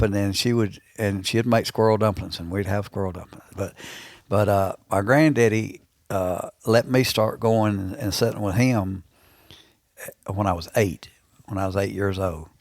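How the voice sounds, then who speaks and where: A man in his sixties with a thick Alabama Southern drawl and a deep, gravelly voice. He tells his stories in a rambling way, circling back and repeating himself as he goes. The recording is dry and close, with little room sound. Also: moderate pace, dry recording. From Alabama, USA. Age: 60s. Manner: rambling, repeats and restarts phrases. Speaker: guest, veteran turkey hunter. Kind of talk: casual storytelling in a podcast interview.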